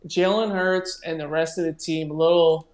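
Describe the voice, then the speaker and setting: High-voiced man in an echoey room. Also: fairly even intonation, moderate pace, darkish tone. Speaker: podcast co-host. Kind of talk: casual sports chat.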